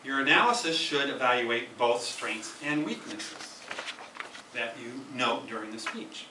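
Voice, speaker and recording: The speaker at this club meeting is a man presenting a prepared educational speech, stressing ideas and repeating key lines for effect. He speaks at medium pitch, animated yet unhurried. Background noise and room echo come through, recorded by a camera at a distance.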